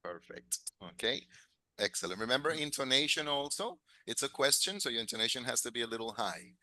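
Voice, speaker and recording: A man's voice: medium pitch, animated, brisk, bright, forceful tone, no echo. A man teaching an English class, encouraging his students, drilling phrases and chuckling often.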